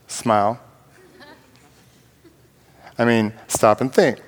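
A man's voice: medium pitch, fairly even intonation, slow, pauses often. Candid male preacher in a reverberant hall. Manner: candid, self-deprecating, plain-spoken. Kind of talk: conversational sermon with personal stories.

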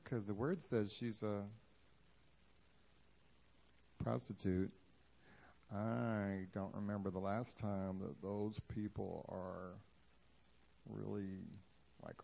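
A man's voice: lowish voice, creaky, warm tone. A man preaching a sermon in a casual, joking way, acting out the Bible scenes he talks about for the congregation. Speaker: pastor.

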